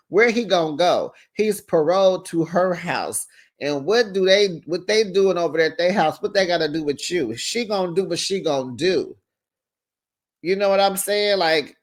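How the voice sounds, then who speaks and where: Woman doing a sassy show recap, lots of laughing, jumps into the characters' voices. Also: sits low. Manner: animated, sassy, laughs often, acts out the people she quotes. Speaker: recap host. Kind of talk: casual reality-TV recap, acting out the scenes.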